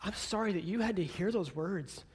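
A male pastor in his thirties giving an earnest sermon, speaking gently and then building to emphatic declarations. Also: high-pitched, animated, normal speed, slightly rough.

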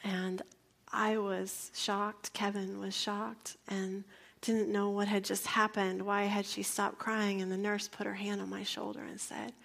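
Slow, gravelly-voiced woman preaching softly. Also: mid-range voice, level tone. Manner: intimate, often dropping to a soft whisper. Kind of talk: sermon with personal story and prayer.

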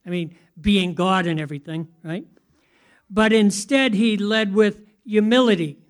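This pastor's voice sits high and moves at a measured pace. He preaches in a relaxed, conversational style, frequently turning questions to his audience.

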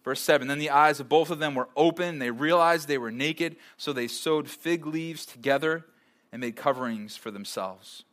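Animated man preaching a sermon. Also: a little high, moderate pace. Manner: lively and joking, with sudden loud bursts. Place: church service before a live audience.

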